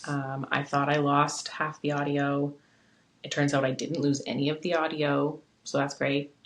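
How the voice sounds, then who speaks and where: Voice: mid-range voice, little pitch movement, moderate pace, fairly bright tone, low-quality recording. A young adult podcast host talking casually into a phone at home, giving an earnest, heartfelt pep talk.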